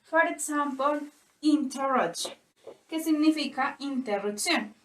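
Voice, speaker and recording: A young woman with a Colombian Spanish accent and a high voice reads out stress rules very slowly and deliberately, spelling letters and repeating examples. She sits away from the mic in an echoey room. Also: a bit bright, far from the mic. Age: young adult. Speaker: student presenter. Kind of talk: reading phonetics rules for a lesson.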